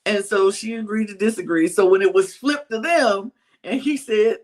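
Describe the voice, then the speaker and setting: Speaking at a moderate pace with medium pitch, this co-host chats casually on a podcast about reality TV. They tell stories with energy and perform the quotes.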